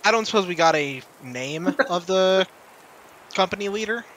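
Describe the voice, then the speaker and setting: A man's voice: high-pitched, lively intonation, moderate pace, a bit bright. A man playing in a tabletop game, chatting casually with a laugh never far off. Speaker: player.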